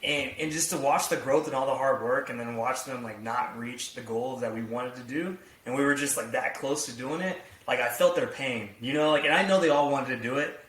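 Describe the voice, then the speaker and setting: A man's voice: medium pitch, a little fast, few pauses, a bit bright. A man co-hosting a podcast, chatting casually in a rambling way, full of "like" and swearing. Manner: rambling, heavy use of "like", profane. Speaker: podcast co-host. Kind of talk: casual chat. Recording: echoey room, distant from mic.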